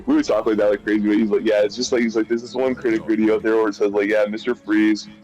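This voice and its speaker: Rambling low-voiced gamer guy. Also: level tone, fast talker, a little mellow, dull audio. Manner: rambling, repeats himself, restarts sentences. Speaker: streamer chatting while gaming. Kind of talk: casual gaming chat.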